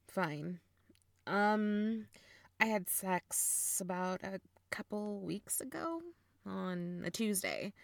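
A teasing big sister who swears without a second thought, played by a young woman. She talks slowly and unhurriedly, her voice close to the mic and completely dry. Blunt and playful, she pokes fun at her younger sibling. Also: lowish voice, fairly bright tone, dry recording, full character voice. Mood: frank. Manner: teasing, blunt, swears freely, laughs often. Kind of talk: audio role-play.

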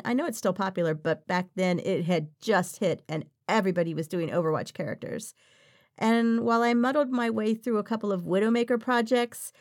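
A woman's voice: mid-range voice, a little mellow. A woman voice actress answering interview questions in a frank, playful way, often laughing.

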